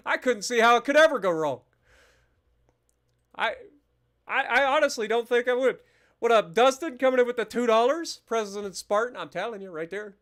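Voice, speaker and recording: A man's voice: very high voice, a little fast, fairly bright tone, faint music behind. A man in his thirties from Ohio, hosting a live gameplay stream with profane, joking tangents. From Ohio, USA. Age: 30s. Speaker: gaming livestream host. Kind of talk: casual live gameplay commentary.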